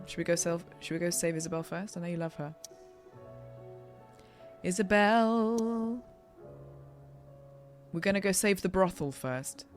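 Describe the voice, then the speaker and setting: A woman streamer playing a video game, talking chattily and playfully to her viewers. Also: fairly low pitch. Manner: chatty, playful, talks to chat. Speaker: gaming streamer. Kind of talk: let's play commentary. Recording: voice over game music. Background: game music.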